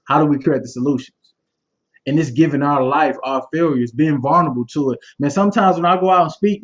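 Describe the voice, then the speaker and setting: A man's voice: a little high, brisk. A young adult man giving a candid motivational talk as a guest speaker, passionate and conversational, with loose repetitions and asides. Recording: muffled stream audio.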